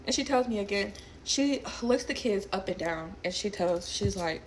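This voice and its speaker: A young woman casually telling a personal story to camera, animated and blunt, swearing freely. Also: mid-range voice, normal speed, a little hiss or hum. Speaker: storyteller recounting a personal incident.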